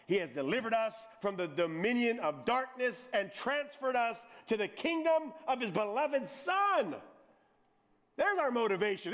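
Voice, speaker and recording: A middle-aged pastor with a fairly high voice delivers a sermon. He breaks off for playful jokes aimed at his congregation, then presses back into his point with repeated words and quick restarts. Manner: lively, joking asides to the congregation.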